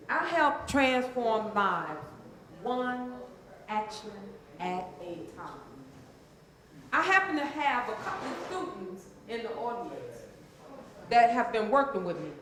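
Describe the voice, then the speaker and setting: In a very echoey space, a woman coaches her audience through a motivational talk, speaking emphatically and prompting them to respond. Her fairly high voice has a bit of brightness to it.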